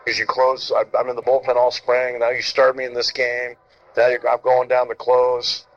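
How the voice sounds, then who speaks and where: A man's voice: medium pitch, normal speed. Middle-aged guy telling baseball stories, acts out the quotes, swears a lot, muffled lo-fi sound. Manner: animated storyteller, acts out quotes, swears freely. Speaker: former pitcher telling stories. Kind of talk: casual storytelling chat. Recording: dull lo-fi sound.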